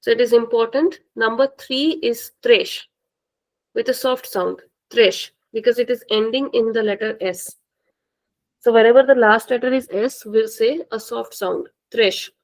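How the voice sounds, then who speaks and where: A woman's voice: fairly high pitch, fairly even intonation, normal speed, a little mellow, low-quality recording. A woman, teaching a language lesson and carefully repeating words for her students. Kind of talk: classroom-style language lesson.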